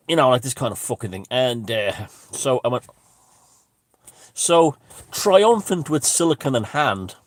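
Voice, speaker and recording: A man spins a casual story in a lively, up-and-down voice, swearing freely and circling back on his own words. The sound is close and dry. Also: mid-range voice, dry recording. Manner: rambling, heavily profane, many restarts. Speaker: vlogger.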